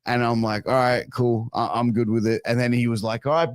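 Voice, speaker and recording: A man's voice: mid-range voice, steady tone, a little fast, hardly any pauses, clean tone, dry recording. A man in his thirties with an Australian accent, telling a crude story in casual chat and swearing a lot. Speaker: podcast guest.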